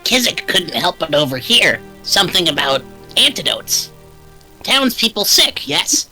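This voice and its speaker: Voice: medium pitch, very animated, measured pace, sharp tone, faint music behind, full character voice, poor audio. A player voicing a small kobold who talks about itself in the third person, in a tabletop role-play. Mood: eager.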